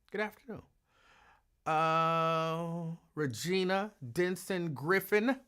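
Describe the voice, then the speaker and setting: A man's voice: on the high side, bright, forceful tone. A man hosting a live afternoon show, greeting listeners by name in a laid-back drawl and laughing as he tells stories. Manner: laid-back, drawling, breaks into laughter while telling a story. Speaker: radio show host.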